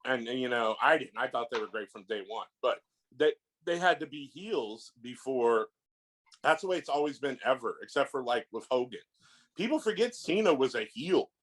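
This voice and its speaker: A man's voice: mid-range voice, expressive, normal speed, fairly bright tone, poor audio. Emphatic man co-hosting a podcast. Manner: emphatic, insistent opinions. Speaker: podcast co-host. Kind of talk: casual chat.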